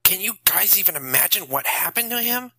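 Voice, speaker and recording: A man's voice: sits high, lively intonation, a little fast, creaky, pushed and bright, no room sound, voice pushed up, exaggerated voice, low-quality recording. A man voicing a cruel teenage boy bully who swears and taunts. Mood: gloating.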